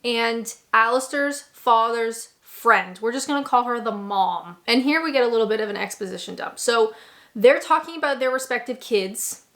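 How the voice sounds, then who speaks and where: A woman's voice: fairly high pitch, normal speed, fairly bright tone. A young Canadian woman recapping a bad movie in casual commentary, with sarcastic asides and laughs. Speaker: movie reaction host.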